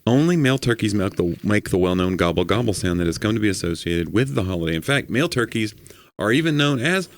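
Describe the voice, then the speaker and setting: A man's voice: lowish voice, animated, fast talker. A man from Tennessee with a light Southern accent, co-hosting a podcast in casual chat and reading out facts with playful asides. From Knoxville, Tennessee. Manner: jokey, reads facts aloud with playful asides. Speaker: podcast co-host.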